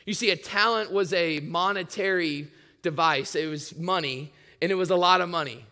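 A man preaching a sermon in a casual, excitable way, often filling his speech with "like". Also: high voice, moderate pace. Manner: casual and excitable, many "like" fillers. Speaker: pastor. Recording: long reverb in a large hall.

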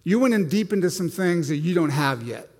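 A man voicing a gracious older male pastor who speaks calmly and frankly. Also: high voice, fairly quick, husky, long reverb tail. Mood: gently probing.

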